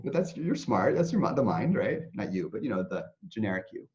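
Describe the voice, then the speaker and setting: A man talking as an interview guest about mindfulness, his pitch swinging up and down with lively expression. He explains things conversationally and slips into little acted-out inner voices. The sound is dull and lo-fi. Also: brisk. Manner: animated, acts out anxious inner voices.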